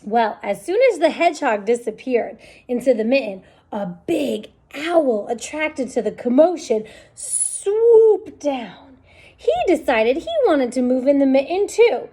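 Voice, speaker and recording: A woman reading a children's picture book aloud, with a high voice that leaps up and down in pitch. She plays up the story with sound effects and an animated delivery. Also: normal speed, breathy edge. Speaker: storytime reader.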